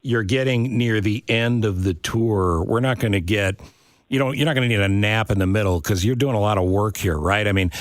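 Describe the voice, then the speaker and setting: A man's voice: on the low side, brisk, dry recording. A sixty-two-year-old man hosting a talk show in a studio, chatting casually and building long setups before his questions. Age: 60s. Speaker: radio show host. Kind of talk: casual interview chat.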